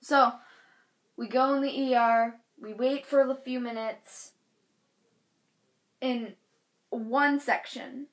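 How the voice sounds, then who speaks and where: A woman's voice: a little high, steady tone, takes it slowly, pauses often. A young woman telling a personal story in a casual, chatty way, full of filler words. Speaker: vlogger.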